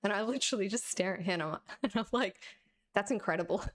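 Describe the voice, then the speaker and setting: A young woman streamer telling a story as a sarcastic, animated rant, laughing often. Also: medium pitch, brisk. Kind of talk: casual ranting storytelling.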